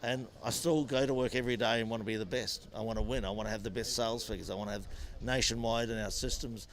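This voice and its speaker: Older Kiwi ex-racer telling stories. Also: male voice, on the low side, fast. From New Zealand. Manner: animated anecdotes with frequent restarts. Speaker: former motorcycle racer and businessman. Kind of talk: interview, storytelling.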